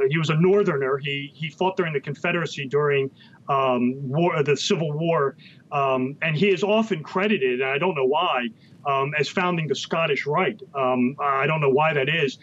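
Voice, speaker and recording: A man answering interview questions as a guest author, halting and full of ums and restarts. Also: a little high, fairly bright tone. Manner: hesitant, many ums and restarts. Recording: muffled lo-fi sound.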